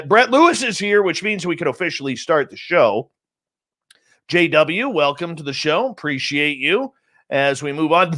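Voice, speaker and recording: Broadcasting live from a home studio in central British Columbia, this man works through a jokey, rambling roll call of the chat room, calling people by teasing nicknames. His voice is highish, pushed and bright, and his mood is upbeat.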